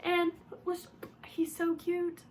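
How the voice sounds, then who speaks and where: Excitable high-voiced young woman vlogger. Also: takes it slowly, a little hiss or hum. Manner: gushing and excitable, at times half-shouting. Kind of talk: casual chat to camera. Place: room at home.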